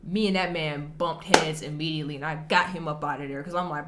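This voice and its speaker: A woman hosting a reaction video, chatting casually and telling a story in an animated, slangy, emphatic way. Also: low-pitched, quick pace, few pauses, slight background noise.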